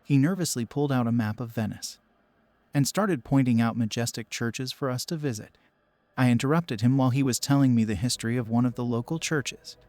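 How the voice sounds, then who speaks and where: A man narrating a first-person horror story in a steady, measured storytelling voice. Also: mid-range voice, no echo.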